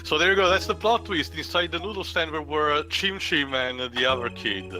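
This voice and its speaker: Guy w a really sharp tense voice rambling about a game, swoopy. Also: on the high side, lively intonation, fairly quick, faint music behind, poor audio. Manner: rambling, hesitant. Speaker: let's play commentator. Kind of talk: casual gaming chat.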